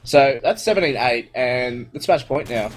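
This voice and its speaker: A relaxed man co-commentating a live esports game at a mid-range pitch. He keeps a loose, chuckling tone over a faint background hiss. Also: moderate pace. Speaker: esports co-caster.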